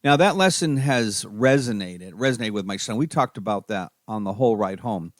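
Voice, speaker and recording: A middle-aged man hosting a parenting podcast, telling a personal story and giving advice in a calm, steady manner. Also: on the low side, moderate pace, dry recording, clean studio sound. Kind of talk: solo podcast talk.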